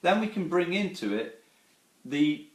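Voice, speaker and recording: A man's voice: a little high, very animated, measured pace. A man giving a live online presentation, earnestly telling a story and asking his audience rhetorical questions. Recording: roomy echo.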